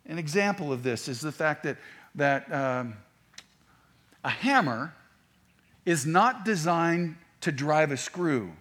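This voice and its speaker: A man's voice: fairly high pitch, animated, slow, long pauses, a bit bright. A man preaching a sermon, talking in a conversational way with asides and restarts. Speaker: pastor.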